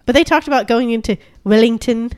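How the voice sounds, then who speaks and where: A woman's voice: on the high side, brisk, darkish tone, no room sound. A woman co-hosting a podcast, chatting casually and laughing often. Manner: chatty, laughs often, quotes people in put-on voices. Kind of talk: casual chat.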